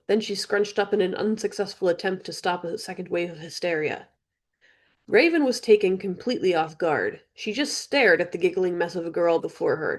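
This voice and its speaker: A woman reading her own fantasy audiobook in an even storytelling narration. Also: on the low side. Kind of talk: scripted narration.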